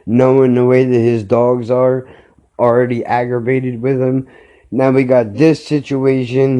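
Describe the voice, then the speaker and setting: A man's voice: mid-range voice, dark tone. A male podcast host telling a story as a blunt, heated rant full of swearing.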